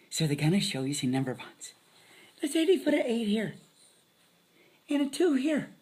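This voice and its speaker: A woman's voice: high voice, darkish tone, a little hiss or hum. A woman giving a playful math lesson to children, dropping silly jokes as she counts. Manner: silly, joking asides.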